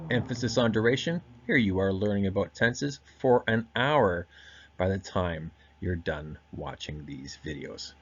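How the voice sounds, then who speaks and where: A man giving a recorded grammar lesson, explaining step by step and slowing down to stress key words. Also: lowish voice, slightly rough, dull audio. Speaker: teacher.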